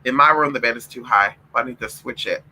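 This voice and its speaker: A man's voice: mid-range voice, fairly quick, bright, forceful tone, slight background noise, low-quality recording. A man vlogging casually late at night, loose and profane, calling his viewers honey and y'all and cooing at his puppies in between. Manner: coos and scolds his puppies in a playful pet-talk voice.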